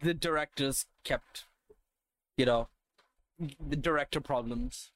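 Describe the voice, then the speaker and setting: A man's voice: mid-range voice, takes it slowly, a bit bright, dry recording. A man in casual chat about movies, blunt and opinionated, swearing heavily.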